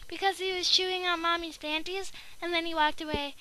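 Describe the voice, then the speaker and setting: Young woman, very high bright voice, rambling silly storyteller. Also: fairly even intonation, a little hiss or hum. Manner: giggly, rambling, playful nonsense with quick character voices.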